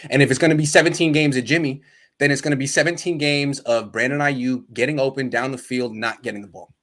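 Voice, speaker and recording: A man hosting a sports talk show, excitable and quick with banter as he takes calls. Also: mid-range voice. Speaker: host.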